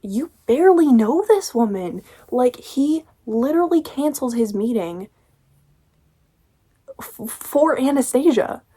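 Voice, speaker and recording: A woman's voice: high-pitched, expressive, a little slow, mellow, breathy edge. A woman giving a casual, sarcastic book review, critiquing with exasperation.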